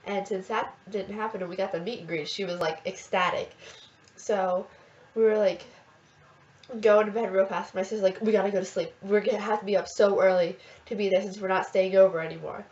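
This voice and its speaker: Teen girl vlogger, excitable gushing storyteller, mid-pitched, roomy dull home recording. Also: brisk. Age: teens. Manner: chatty, filler-heavy, gushing. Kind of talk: casual storytelling. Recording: roomy, dull lo-fi webcam audio.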